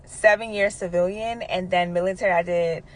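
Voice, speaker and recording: A woman in her thirties recounting her own story straight to her viewers, chatting in a relaxed way with many asides. She keeps checking in with the listener as she goes. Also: lowish voice, normal speed. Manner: conversational, with frequent asides and "right?" check-ins. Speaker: nurse telling a personal story. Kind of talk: casual storytelling to camera.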